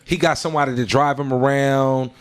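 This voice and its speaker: A man's voice: medium pitch, steady tone, fairly quick, clear, resonant tone. A man from San Francisco chatting as a podcast guest, telling stories in a laid-back, slangy way. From San Francisco, California. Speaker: guest, mixtape host and former hype man. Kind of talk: casual podcast chat.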